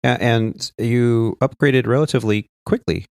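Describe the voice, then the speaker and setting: A man's voice: mid-range voice, normal speed, darkish tone, no room sound, studio quality. A man hosting an aviation podcast, putting in short questions and comments during the interview. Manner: brief encouraging interjections. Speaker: podcast host. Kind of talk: casual interview.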